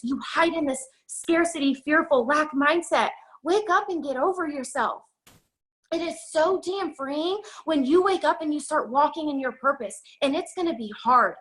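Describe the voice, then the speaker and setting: A woman's voice: high voice, fairly bright tone. A young woman leading a network marketing team, giving an emphatic, breathless motivational talk on a video call. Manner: fast, emphatic, preachy pep talk.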